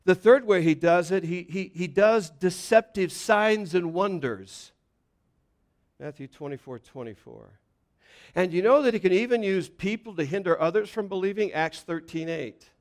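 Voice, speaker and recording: A man preaching a sermon, reading scripture and explaining it, building to loud emphatic points and dropping to quiet, low passages. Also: normal speed. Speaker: pastor.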